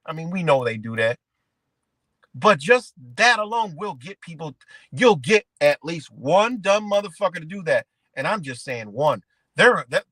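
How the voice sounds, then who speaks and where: A man's voice: fairly high pitch, bright, forceful tone, no echo. Profane rambling man ranting on livestream. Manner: addresses viewers as guys. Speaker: livestream host. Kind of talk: casual livestream rant.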